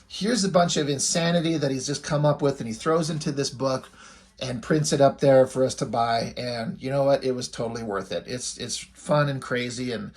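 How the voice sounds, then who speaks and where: A man's voice: fairly high pitch, breathy edge. Wry, offhand man reviewing comics.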